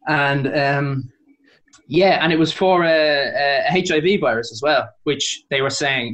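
A man who is a guest on a podcast, telling a long story in a rambling way. He is animated, corrects himself often and says "like" a lot. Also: on the high side, measured pace. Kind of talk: casual storytelling.

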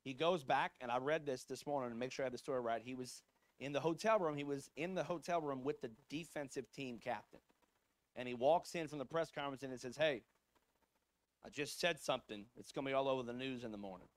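Speaking fast in a mid-range voice with no echo, this male pastor preaches by spinning a laid-back story. He drifts into frequent asides and leans on fillers such as "like" and "right?".

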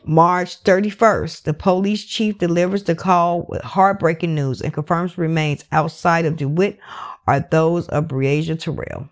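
A woman's voice: fairly low pitch, fairly even intonation, measured pace. A woman recapping a true crime case in a casual, emotional and candid way, swearing freely and leaning on "like" as she talks. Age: adult parent. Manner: emotional, candid and profane, with many "like" fillers.

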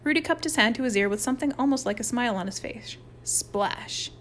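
A woman reading a children's novel aloud as an audiobook narrator, in a lively storytelling manner. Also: fairly high pitch, rapid-fire, slight background noise. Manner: lively storytelling with varied character voices. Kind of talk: scripted narration.

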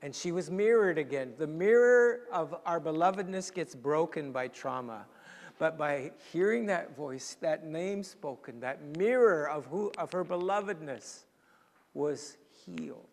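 Male pastor, sermon, high voice, storytelling with hushed dramatic drops, echoing hall. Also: animated, measured pace, creaky. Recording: long reverb in a large hall.

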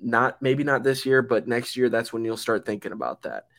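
A young man chats casually as a football podcast co-host. He rambles, restarts sentences and fills pauses with "um". His voice sits at an ordinary pitch for a man. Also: vocal fry, fairly bright tone. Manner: rambling, many fillers and restarts. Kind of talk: casual sports chat.

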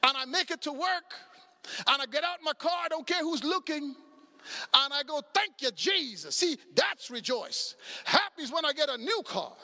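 Man, pastor, very high voice, animated sermon, acts out stories. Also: moderate pace. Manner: animated storytelling preacher, acts out dialogue, sudden shouts.

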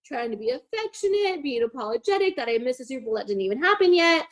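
Animated young woman telling a story. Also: sits high, fast. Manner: animated, swearing, heavy use of "like". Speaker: podcast host. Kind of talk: casual storytelling chat.

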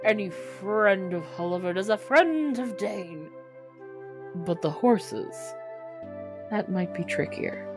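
A man's voice: high-pitched, expressive, slow pace, over music, pitched above the performer's own voice. A woman voicing a jolly, portly male dwarf who greets guests heartily and a bit fussily. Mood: hearty welcome. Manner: hearty, welcoming, a bit fussy. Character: jolly portly middle-aged dwarf host.

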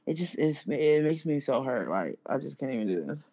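A young woman co-hosting a casual chat, talking in an animated, slangy and blunt way. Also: extremely low pitch, fairly quick. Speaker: co-host.

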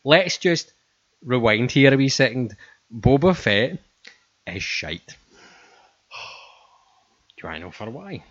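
A man's voice: medium pitch, big pitch swings, slow, long pauses, fairly bright tone, no echo. A man chatting casually and ranting animatedly with friends, swearing a lot. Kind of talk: casual chat. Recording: dull lo-fi sound.

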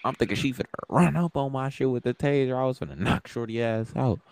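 A man's voice: medium pitch, fast. A young man co-hosting a podcast, telling stories in casual, profane talk and acting out the lines of the people in them. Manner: profane, animated, acts out quoted dialogue. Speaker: podcast co-host. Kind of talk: casual storytelling chat.

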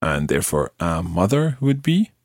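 Man, very low voice, lively intonation, patient teacher, dry studio sound. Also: dry recording. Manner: patient, modelling words slowly for repetition. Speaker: language teacher. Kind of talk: podcast language lesson.

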